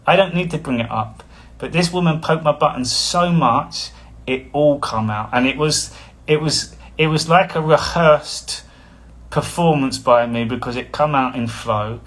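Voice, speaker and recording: A man's voice: on the high side, a little slow, a bit bright. Rambling man on a live stream. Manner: rambling, chuckles often, blunt. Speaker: spiritual coach hosting a live stream. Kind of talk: casual livestream talk.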